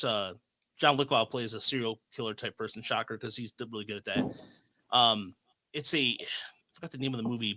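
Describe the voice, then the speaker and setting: A man's voice: mid-range voice, pushed and bright. A man co-hosting a podcast in casual chat, opinionated and emphatic. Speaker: podcast co-host.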